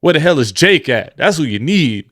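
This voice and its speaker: Lively ranting podcast man. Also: a little high, normal speed, no room sound, studio quality. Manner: emphatic, ranting, slangy. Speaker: podcast co-host. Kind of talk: casual podcast chat.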